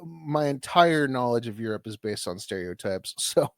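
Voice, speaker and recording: An American man co-hosts a casual podcast, bantering loosely and laughing at his own remarks. His voice sits at a middling pitch. The sound is close and dry, with no room around it. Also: lively intonation, normal speed, no echo. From United States. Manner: laughing, self-deprecating banter with many restarts. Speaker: podcast co-host. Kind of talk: casual chat.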